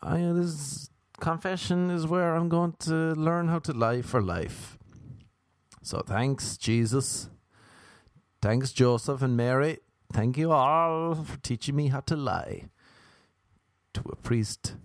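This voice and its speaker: A man's voice: fairly high pitch, slow pace, no echo. Irish man, young, stand-up comic, rambling sardonic delivery, dry close sound. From Ireland. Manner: rambling, repetitive, sardonic asides. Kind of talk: stand-up comedy monologue.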